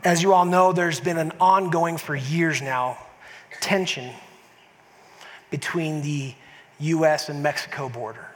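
Pastor preaching in a reverberant church. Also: male voice, fairly high pitch, unhurried, pauses often. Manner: conversational, with repeated restarts and emphatic asides. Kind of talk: sermon. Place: church sanctuary. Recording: long church hall reverb.

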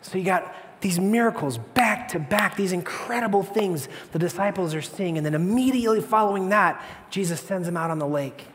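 A male pastor preaching a sermon with animated storytelling, acting out the people in it. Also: sits high, a little fast, hardly any pauses, in a large hall, slight background noise. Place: church.

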